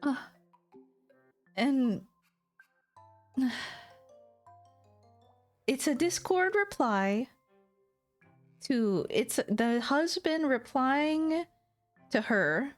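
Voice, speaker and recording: A woman's voice: high-pitched, animated, drawn-out words, long pauses, faint music behind. Rambling, giggly young woman streamer. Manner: rambling, swearing, giggly and exasperated. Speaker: VTuber streamer. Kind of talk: casual stream chat.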